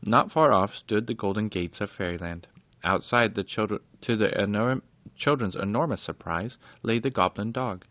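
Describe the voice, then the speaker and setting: A low-voiced man reads a children's storybook aloud in a plain, steady way, stumbling now and then. The recording is lo-fi and dry, with no room sound. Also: normal speed, no echo. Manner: plain, steady reading with small slips.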